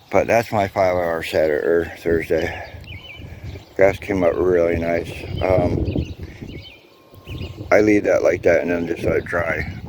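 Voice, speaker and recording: A man's voice: low voice, noisy background. A man vlogging outdoors in his yard, chatting casually to his viewers with lots of ums, calling them guys. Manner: relaxed, rambling, addresses viewers as guys, many ums. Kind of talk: casual chat to camera.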